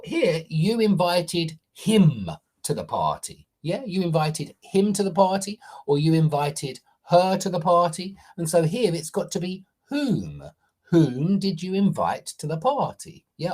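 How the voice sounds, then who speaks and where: A man's voice: fairly high pitch, a little mellow, husky. A man teaching English grammar in a casual, opinionated way, often checking in with "yeah?".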